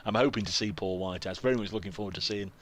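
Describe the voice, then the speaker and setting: A man's voice: on the low side, racing, fairly bright tone, slight background noise. A man chatting as cricket co-commentator, rambling and jokey with many restarts. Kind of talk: casual commentary chat.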